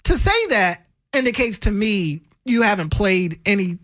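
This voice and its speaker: A man's voice: high-pitched, sing-song, unhurried, fairly bright tone, dry recording, clean studio sound. A man co-hosting a sports talk radio show, talking casually and getting fired up over his opinions. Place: radio studio. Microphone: studio microphone.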